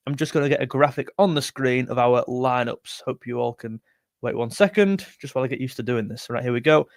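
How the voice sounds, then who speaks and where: A man's voice: medium pitch, a little fast, no echo, clean studio sound. Chatty man hosting a live stream. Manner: chatty, rambling, self-correcting. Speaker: football livestream host. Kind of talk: live stream chat reading comments.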